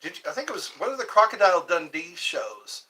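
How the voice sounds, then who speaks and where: A man's voice: high voice, big pitch swings, quick pace, bright, forceful tone. A man hosting a livestream, chatting casually and jokingly in a rambling way. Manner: jokey, laughs often, breaks into song snippets. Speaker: livestream host.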